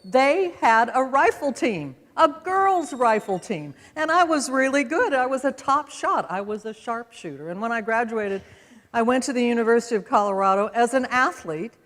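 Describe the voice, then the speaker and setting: This septuagenarian speaker from Utah in the American West has a voice on the high side, slightly bright and sing-song, at a moderate pace. She tells folksy, conversational stories with self-deprecating jokes from the stage of a large auditorium, recorded with long hall reverb.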